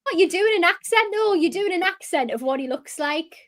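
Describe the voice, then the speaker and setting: A woman's voice: very high voice, lively intonation, brisk. A woman co-hosting a casual live stream, playful and giggly. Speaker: co-host.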